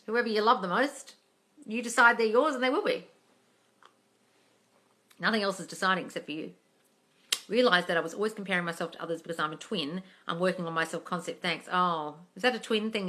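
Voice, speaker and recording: A woman's voice: mid-range voice, pushed and bright. A woman coach reading viewer questions aloud on a casual live stream, blunt and full of swearing, calling everyone darling.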